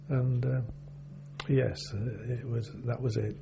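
Memories of navy service come from an older former sailor in this oral history interview, told in a halting, rambling manner with many fillers. He has a gravelly, mid-range voice and fairly even intonation. Expect dull, lo-fi audio with a faint hum.

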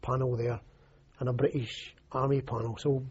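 An older Scottish army veteran gives an oral history interview, rambling from anecdote to anecdote with frequent restarts and "you know." His very husky, mellow voice stays at a medium pitch with little movement, at a moderate pace, muffled and dull on an old recording.

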